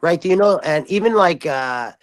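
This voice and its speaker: A man chatting casually on a group live stream, excitable and rambling with many restarts. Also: a little high, moderate pace, a little hiss or hum. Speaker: stream participant.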